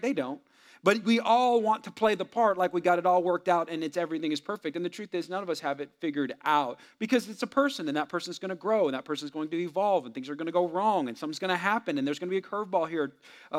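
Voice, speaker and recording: A man preaching a sermon as a pastor, telling stories in a conversational way with fillers and building emphasis through repetition. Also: a little high. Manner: conversational storytelling with frequent fillers.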